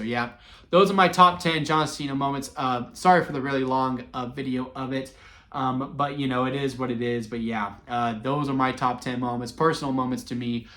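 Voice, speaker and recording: A man in his twenties telling wrestling memories in a casual, sentimental vlog, excitable and full of fillers and restarts. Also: mid-range voice. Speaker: wrestling vlogger. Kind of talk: casual rambling storytelling.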